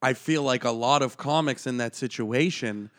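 A man's voice: mid-range voice, normal speed, a bit bright. A man co-hosting a comedy podcast in casual, teasing chat.

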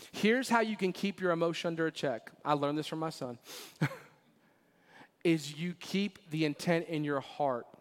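Man in his forties, pastor preaching, fairly high voice, animated storytelling, long church-hall reverb. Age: 40s. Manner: animated storytelling with laughter, swings between loud and hushed. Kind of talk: sermon. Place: church sanctuary.

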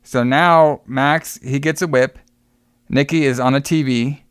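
A man co-hosting a casual podcast, retelling a film plot and acting out the characters' lines in quick bursts, swearing freely. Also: medium pitch, steady tone, clear, resonant tone, dry recording, clean studio sound. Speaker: podcast co-host recapping a film. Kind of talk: casual chat.

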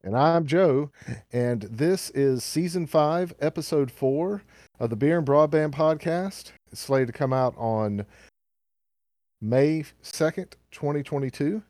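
A man's voice: fairly high pitch, slow pace, warm tone, no echo, studio quality. A man with a Southern US accent co-hosting a casual podcast, rambling with lots of fillers and restarts. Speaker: podcast co-host.

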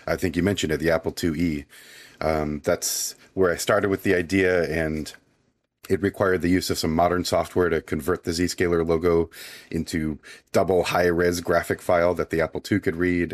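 A man with a very low voice, thickened and husky from a cold he is getting over. He talks as a guest on a podcast in a relaxed, explaining way. The recording is dry and close. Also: dry recording. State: recovering from a cold, sultry voice. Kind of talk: casual conversation.

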